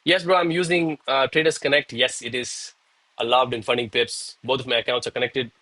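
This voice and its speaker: A man's voice: mid-range voice, fairly even intonation, a little fast, bright, forceful tone, no room sound, poor audio. A young man chatting casually with viewers on a live trading stream, breathless and hyped between sets of push-ups.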